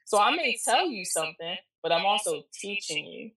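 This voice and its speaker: A woman's voice: mid-range voice, sing-song, moderate pace, fairly bright tone, echoey room, recorded from a distance, poor audio. A woman telling a story in a casual chat, candid and slangy, swearing freely as she talks about her work as a spiritual reader.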